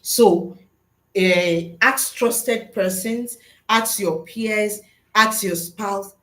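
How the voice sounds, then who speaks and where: A woman's voice: medium pitch, extremely slow, a bit bright, reverberant, rough recording. A middle-aged woman, a school psychologist, giving a webinar lesson to teachers in an earnest, teacherly way and answering her own rhetorical questions.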